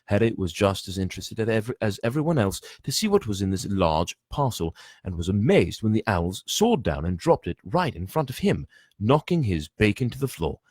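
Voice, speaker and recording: A man's voice: on the low side, sing-song, a little fast, a little mellow, husky, dry recording, clean studio sound. A man reading a book aloud, often stumbling and restarting, with chatty asides. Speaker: reader.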